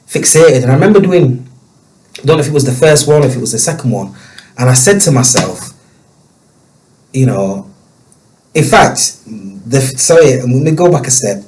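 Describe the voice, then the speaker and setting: Halting emotional man. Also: mid-range voice, animated, a little mellow, poor audio. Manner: emotional, halting, many restarts. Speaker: guest. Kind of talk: personal storytelling.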